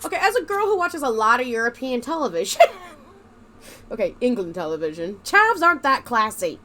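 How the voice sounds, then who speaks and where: A woman's voice: on the high side, big pitch swings, normal speed, bright, forceful tone. A young woman playing a video game and chatting, playful and sarcastic. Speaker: gamer. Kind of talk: let's play commentary.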